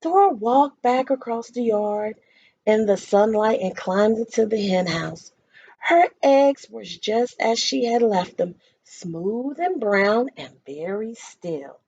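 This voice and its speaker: A woman's voice: on the high side, expressive, slow pace, darkish tone, husky, no room sound. A woman reading a picture book aloud to children, stopping to explain words and ask questions. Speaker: storytime reader for children. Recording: dull lo-fi dry recording.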